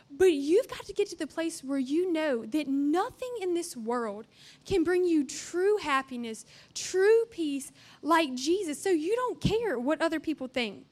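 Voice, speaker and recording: Young woman, high-pitched, conversational youth sermon, earnest, playful asides. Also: expressive, measured pace, darkish tone. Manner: chatty and earnest, with playful asides and acted-out dialogue. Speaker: youth camp speaker.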